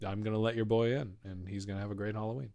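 A man putting on a meek male doorman who gives in with a quick, low, quiet mumble. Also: steady tone, vocal fry, a little hiss or hum. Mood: giving in. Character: meek male haunted-house doorman giving in.

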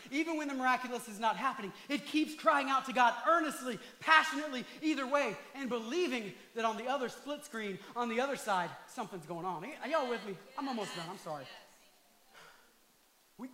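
A male pastor preaching a passionate sermon, at times rising to shouts and talking directly to the congregation. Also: very high-pitched, roomy sound.

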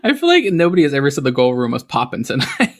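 A man's voice: mid-range voice, huge pitch swings, fast. A man hosting a podcast in casual chat, laughing often and repeating his phrases. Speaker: podcast host.

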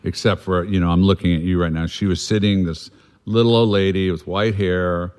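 A man's voice: deep voice, fairly even intonation, moderate pace, a little mellow, clean tone. A man telling a candid recovery story in conversation, blunt and swearing freely, loose and rambling, then earnest about making amends. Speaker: guest sharing a recovery story.

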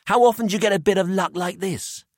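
A man's voice: high voice, fast talker, dry recording, clean studio sound, voice pushed up. A man voicing an eager, easily startled young male student. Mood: excited.

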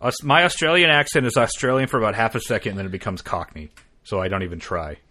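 A man's voice: lowish voice, fast, bright, forceful tone. A man hosting a podcast, telling stories in a wry, casual way with offhand swearing. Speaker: podcast host. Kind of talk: casual chat.

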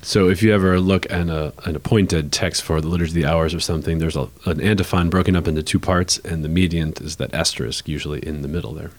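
Deep-voiced man in casual chat. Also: fairly even intonation, quick pace, few pauses. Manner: conversational, hums chant patterns, defers to co-host. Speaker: podcast co-host.

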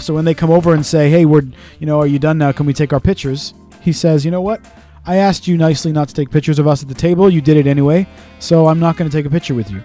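Fast-talking man telling stories. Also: a little high, warm tone. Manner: fast, swearing storyteller who acts out quotes. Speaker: podcast co-host. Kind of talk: casual podcast chat.

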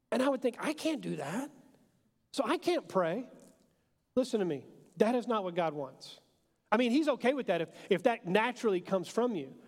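A man in his thirties, a pastor preaching a sermon in a relaxed, joking way, full of fillers. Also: high voice. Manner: casual and joking, with many fillers. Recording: long hall reverb.

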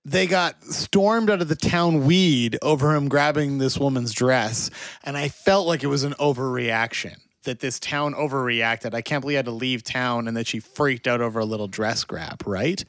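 A man with an average-pitched voice chats easily as a podcast co-host, tossing in quick checks like "right?" as he talks. His voice is close and dry. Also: fairly bright tone, no echo. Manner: conversational, often checks in with "right?". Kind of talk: casual chat.

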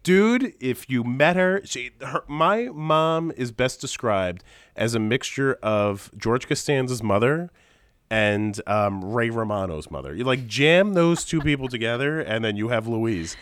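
A man with a stuffy, congested voice, telling animated stories in a casual podcast chat and swearing casually. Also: mid-range voice, measured pace, clean tone, dry recording, studio quality. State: congested from a sinus infection. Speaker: podcast regular.

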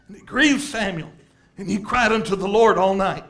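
High-voiced man preaching an impassioned sermon. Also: normal speed. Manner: swings between hushed asides and shouted emphasis; repeats phrases for stress.

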